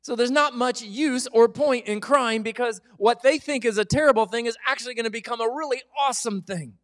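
A male pastor preaching a sermon in a lively, conversational way, sometimes joking and at times dropping to a soft whisper for emphasis. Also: very high voice, fairly quick.

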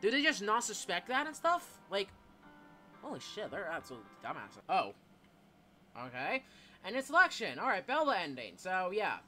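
A man's voice: sits high, huge pitch swings, normal speed, sharp tone, soft background music. Rambling, swearing young gamer guy. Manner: swears a lot, rambling with many fillers; reads game dialogue aloud in put-on voices. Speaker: gameplay YouTuber. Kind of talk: Let's Play commentary with voiced dialogue.

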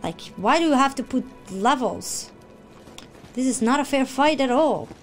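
A woman streamer giving excitable live reaction commentary on a video game, shrieking, gasping and talking to the characters on screen. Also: high voice, a little slow, faint music behind. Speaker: gaming streamer.

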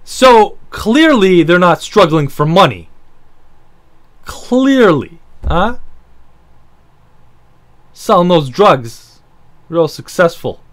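Man with a high voice, profane sarcastic story-time ranter. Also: big pitch swings, very slow, long pauses.

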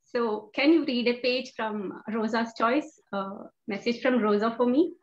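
A woman's voice: fairly high pitch, lo-fi sound. A woman guest on a video call who congratulates the host and politely asks for a reading, sounding emotional. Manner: polite, emotional, slow requests. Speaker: guest at a book launch.

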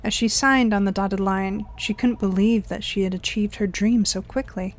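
A woman's voice: mid-range voice, steady tone, moderate pace, hardly any pauses. A woman narrating an audio story, reading the dialogue in lightly varied voices.

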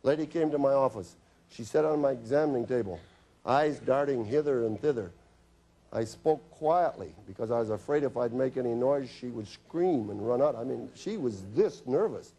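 A man's voice: medium pitch, moderate pace, mellow, husky. Man telling doctor's office stories. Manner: anecdotal, acts out patients' and his own lines with humor. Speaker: physician giving a health talk. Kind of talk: storytelling health lecture.

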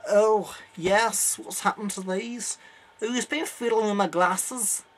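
A man's voice: high-pitched, slow pace, voice pushed up. Chill 60s liverpool pop star, young guy impersonating, put-on scouse accent, drawly. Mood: laid-back. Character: impression of a famous 1960s male Liverpool pop star.

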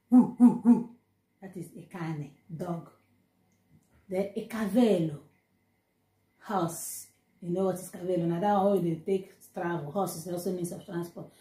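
A woman with a Nigerian Pidgin accent teaching vocabulary informally, repeating each word slowly and then chatting in Pidgin asides. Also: lowish voice, mellow, reverberant. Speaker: language teacher.

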